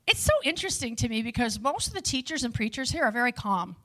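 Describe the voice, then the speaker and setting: A woman preaching a lively sermon to a live audience, with chatty asides to the listeners. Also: on the high side, quick pace.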